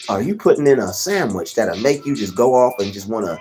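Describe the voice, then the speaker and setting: A young man hosting a casual livestream, rambling and giving shout-outs to chatters by name. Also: lowish voice, expressive, brisk, few pauses, faint music behind. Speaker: livestream host.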